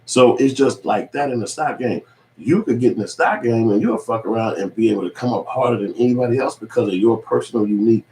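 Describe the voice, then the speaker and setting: Deep-voiced man in casual profane recap. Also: a little mellow, recorded from a distance. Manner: profane, loose storytelling with acted quotes. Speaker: online show host. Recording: echoey room with faint ambient noise.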